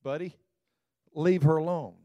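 A man voicing a calm but firm male teacher who defends a woman, speaking plainly and directly. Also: fairly high pitch, a little slow, no echo, natural voice.

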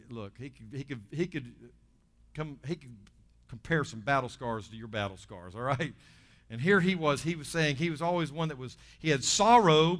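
A man preaching a sermon in church, swinging between loud bursts and quiet asides. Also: medium pitch. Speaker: pastor.

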